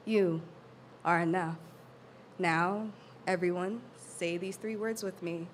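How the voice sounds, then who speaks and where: A woman's voice: lowish voice, fairly even intonation, slow, long pauses, a little hiss or hum. A woman performing spoken word at an open mic, leading the crowd in a call-and-response chant. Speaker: performing poet. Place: live open mic in a community center.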